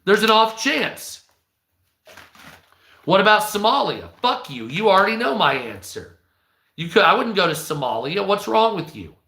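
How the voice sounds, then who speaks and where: A blunt American man rants on a live stream, swearing freely and answering his chat as he goes. His voice sits a bit high and sounds bright. The room around him has a clear echo. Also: very animated, moderate pace. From United States. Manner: blunt, profane, talks back to chat. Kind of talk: casual ranting commentary. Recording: echoey room.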